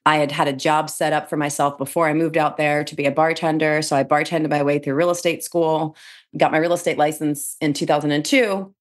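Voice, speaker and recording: Low-voiced, lively middle-aged woman storyteller. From New Jersey. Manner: animated storyteller, laughs often, quick restarts. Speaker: podcast guest, real estate speaker and trainer. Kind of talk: casual interview chat.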